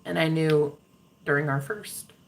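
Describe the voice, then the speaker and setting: A woman speaks with a slightly low voice in a loose storytime chat. She calls her viewers girl and ladies and swears often. For emphasis she drops into a whisper. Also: measured pace, vocal fry. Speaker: love reading content creator.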